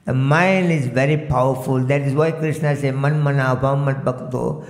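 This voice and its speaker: A man's voice: medium pitch, steady tone, normal speed. A man from Malaysia giving a temple lecture as a swami, telling stories and sprinkling in "you know" and sung verses. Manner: frequent "you know" fillers, chants verses in a singsong. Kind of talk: storytelling sermon. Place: temple hall. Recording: echoey temple hall.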